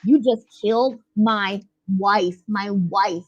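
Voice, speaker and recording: A woman's voice: mid-range voice, slow, muffled recording. A woman voicing a furious, vengeful male vampire lord in a casual retelling, ranting and sneering.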